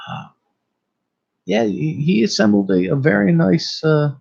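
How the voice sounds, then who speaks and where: A man's voice: sits high, unhurried, gravelly, a little mellow. A man hosting a radio show, chatting casually with a guest, laughing often and stumbling over names. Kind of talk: casual radio interview chat. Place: radio studio. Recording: dull lo-fi radio broadcast.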